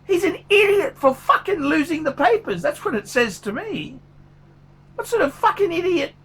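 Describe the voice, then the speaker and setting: A man's voice: extremely high pitch, very animated, normal speed, fairly bright tone, pitched above the performer's own voice, exaggerated voice. A man voicing a furious, foul-mouthed male watch reviewer who swears constantly in a paid review rant. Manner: swears constantly, ranting, blunt.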